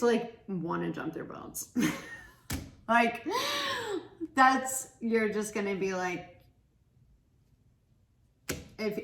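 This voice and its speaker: A woman's voice: mid-range voice, fairly bright tone. A woman giving a casual pick-a-card tarot reading, chatty and giggly, laughing often. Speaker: tarot reader. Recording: echoey room with faint noise.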